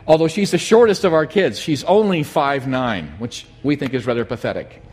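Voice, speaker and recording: A middle-aged man preaching a sermon, telling a personal story in an animated, emphatic way. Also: mid-range voice, normal speed, a little hiss or hum. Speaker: pastor.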